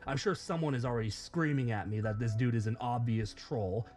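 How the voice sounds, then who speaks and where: A man's voice: mid-range voice, a little fast, a little mellow, faint music behind. A man reading a scripted commentary in a sarcastic, mocking, profane way. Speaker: YouTube commentator.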